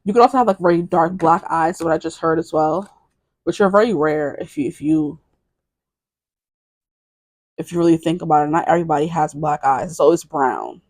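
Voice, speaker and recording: A woman's voice: deep voice, fairly quick, long pauses, darkish tone, dry recording. A woman in her twenties giving a casual tarot reading to camera, rambling, correcting herself and giggling. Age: 20s. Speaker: tarot reader.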